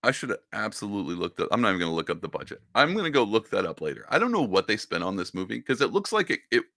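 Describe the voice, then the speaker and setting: A man's voice: lowish voice, very animated, racing, vocal fry, sharp tone, no room sound, studio quality. A young man talking casually about movies, rambling and joking, often cutting himself off mid-sentence. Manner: rambling, self-interrupting, joking. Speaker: movie reviewer.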